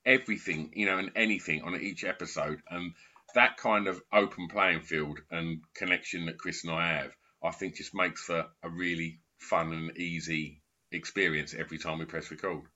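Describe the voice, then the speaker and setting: A man's voice: low voice, normal speed, pushed and bright, lo-fi sound. A man who is a podcast guest, speaking earnestly in casual chat and leaning on fillers like "you know".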